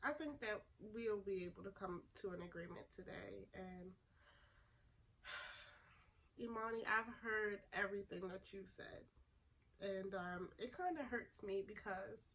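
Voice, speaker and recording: A woman playing an emotional young woman making up with her twin, soft-spoken and hesitant with sighs, in a class role-play. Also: mid-range voice, unhurried, creaky, low-quality recording. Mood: tearful.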